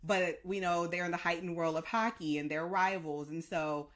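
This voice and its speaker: A woman co-hosting a podcast in casual chat, gushing and animated as she breaks down scenes. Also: fairly low pitch, moderate pace. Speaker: podcast co-host.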